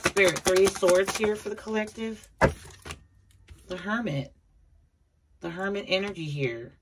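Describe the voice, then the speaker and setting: Tarot reader voice, mid-pitched, chatty and blunt, over steady background noise. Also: unhurried. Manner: chatty, repeats herself, addresses viewers as a collective; blunt, occasional swearing. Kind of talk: casual tarot reading monologue.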